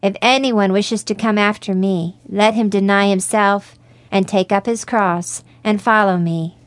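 A woman's voice: medium pitch, fairly even intonation, no echo, close to an everyday voice. A woman reading as a tearful old priest. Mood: solemn. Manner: slow, solemn, sighing. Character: tearful solemn male village priest. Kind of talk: read-aloud story.

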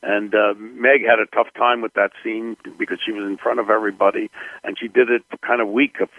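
An older man, a film director, telling stories about his films in an interview, unhurried and full of fillers. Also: on the low side, level tone, no room sound, narrow, tinny audio. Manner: gravelly, unhurried storytelling with fillers. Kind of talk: interview recollections.

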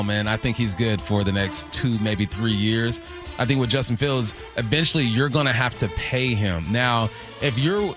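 A man co-hosting a sports radio show in a studio, giving relaxed, opinionated takes and laughing easily. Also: medium pitch. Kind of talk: casual sports talk.

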